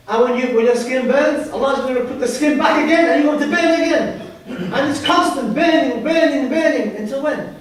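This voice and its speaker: A man preaching a sermon, emphatic, repeating phrases for weight. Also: very high voice. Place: mosque prayer hall. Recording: very echoey hall, voice far from mic.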